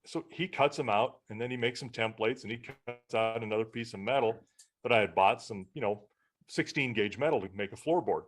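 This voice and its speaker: A man's voice: mid-range voice, brisk. A man co-hosting a podcast who tells stories in casual chat and acts out the back-and-forth of what people said. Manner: animated storyteller, acts out quoted exchanges. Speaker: podcast co-host.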